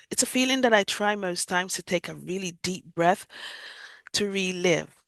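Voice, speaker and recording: Woman, interview guest, lively swinging pitch, dry close sound, vivid emotional storytelling. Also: a little slow, vocal fry, dry recording. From Jamaica. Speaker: guest sharing a near-death experience.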